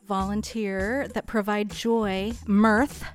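A woman co-hosting a community radio show, chiming in upbeat with quick echoes and jokes. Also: mid-range voice, little pitch movement, soft background music. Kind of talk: live radio co-host banter. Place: radio studio.

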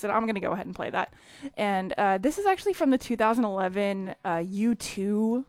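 A woman's voice: mid-range voice, no room sound. Woman radio host, casual rambling patter, dry close studio mic. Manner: rambling, enthusiastic, lots of ums and laughs. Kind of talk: casual community radio DJ chat. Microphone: studio microphone.

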